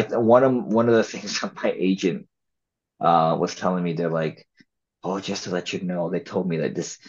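A man speaks in a low, husky voice, chatting casually as an interview guest. He rambles loosely and restarts his sentences often. The audio is slightly dull and lo-fi. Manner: relaxed, rambling, many fillers and restarts. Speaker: actor and filmmaker guest.

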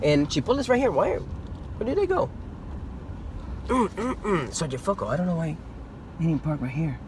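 A man chatting in a casual vlog, rambling and excitable, with lots of fillers. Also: on the high side, brisk, noisy background. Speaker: vlogger. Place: outdoors and in a car around shops.

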